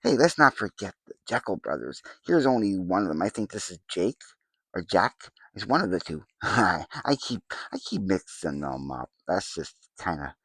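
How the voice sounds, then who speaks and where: A man's voice: low-pitched, big pitch swings, normal speed, vocal fry, a bit bright, breathy edge, dry recording, exaggerated voice. A man voicing a sly, scheming male trickster spirit in a comedic monologue, whispering conspiratorially and then boasting gleefully.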